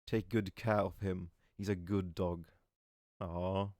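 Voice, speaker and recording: A man casually reading memes aloud, often stumbling over words and reacting with soft "aw" sounds. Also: low-pitched, level tone, slow, dry recording, clean studio sound.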